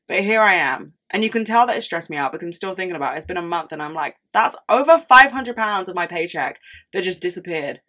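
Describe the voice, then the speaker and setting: A woman's voice: fairly low pitch, lively intonation, fairly quick, pushed and bright. A young woman in her early twenties hosting a solo podcast, chatting casually, swearing often and ranting with dramatic outbursts. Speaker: podcast host.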